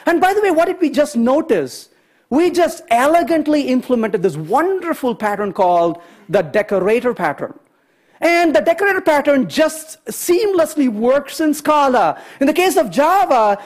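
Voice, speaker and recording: A man giving a conference programming talk, chatty and animated, often checking in with the audience. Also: very high-pitched. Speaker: conference speaker. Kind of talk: technical talk with anecdotes.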